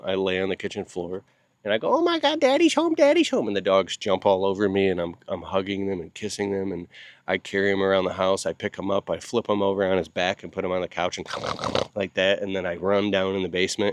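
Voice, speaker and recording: Deep-voiced grieving man, halting speech. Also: flat delivery, no room sound. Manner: halting, with many pauses and repeated words; grieving and heartfelt. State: sleep-deprived. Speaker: video channel host. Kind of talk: casual talk to camera.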